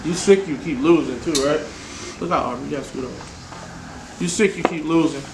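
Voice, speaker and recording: A man hosting a podcast, a casual sports chat full of loud, joking trash talk. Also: fairly high pitch, moderate pace, vocal fry. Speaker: podcast host. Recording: echoey room with faint noise.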